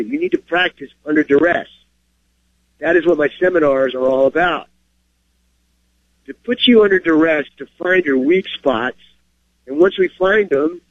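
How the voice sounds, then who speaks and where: His voice is a little high, captured with lo-fi sound and no room ambience. A firearms instructor who hosts a show, he gets plain-spoken and emphatic about carry rules, checks in with "okay?", and reads brief stories aloud while commenting on them.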